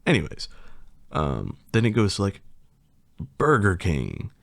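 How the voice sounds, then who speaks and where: Male host, low gravelly voice, slow rambling casual talk, swears and laughs a lot. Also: wildly swooping pitch, fairly bright tone, no echo, studio quality. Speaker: channel host. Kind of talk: casual chat and reading a poem aloud.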